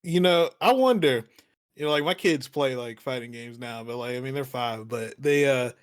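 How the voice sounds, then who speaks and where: A man in his thirties talks easily on a podcast, loose and unhurried, with lots of filler words. His voice is in the middle range, neither high nor low. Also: smooth. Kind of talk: casual podcast chat.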